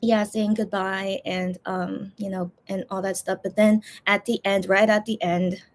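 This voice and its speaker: A woman's voice: mid-range voice, level tone, measured pace. A young woman chatting casually on a livestream, rambling with many fillers and restarts as she talks emotionally about a concert. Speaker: livestream host. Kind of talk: casual chat.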